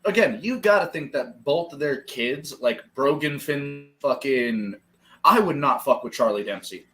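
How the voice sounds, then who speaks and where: Man, mid-pitched voice, podcast co-host, excitable, profane, laughs easily. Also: measured pace. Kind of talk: casual chat.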